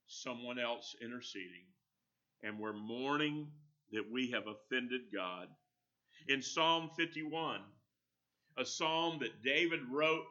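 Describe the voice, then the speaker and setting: Male preacher, very bright tense tone, earnest and emphatic, slightly dull lo-fi recording. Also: mid-range voice. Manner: earnest, emphatic, acts out quoted voices. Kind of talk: sermon.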